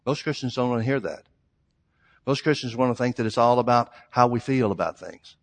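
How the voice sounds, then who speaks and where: Reading scripture in old-fashioned phrasing and stretching each line, a preacher delivers his sermon with emphasis. His pitch is medium and his pace a little fast, heard through long hall reverb.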